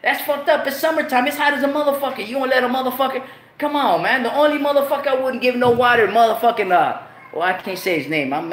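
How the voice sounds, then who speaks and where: A man's voice: high voice, a bit bright, reverberant. A man hosting his own show in a casual rant, full of profane street slang and repeated lines. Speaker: show host.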